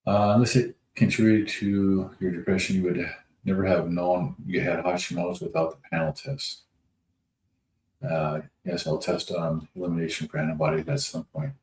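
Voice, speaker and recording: Low-voiced folksy man. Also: expressive, moderate pace, creaky, a little mellow. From North Dakota. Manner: easygoing, rambling, folksy. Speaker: livestream host. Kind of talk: casual livestream chat reading comments. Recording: echoey room with faint noise.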